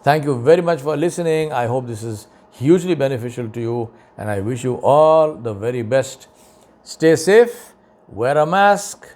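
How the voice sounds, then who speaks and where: A man's voice: animated, moderate pace, darkish tone. A middle-aged man giving an earnest, emphatic advice talk, repeating key points for stress. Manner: mocking quoted voices in a higher tone. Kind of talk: lecture-style advice talk.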